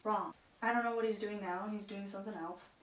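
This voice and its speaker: A woman's voice: mid-range voice, steady tone, brisk. A woman vlogger giving casual, self-deprecating commentary while painting along, with exasperated asides. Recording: echoey room, far from mic, noisy.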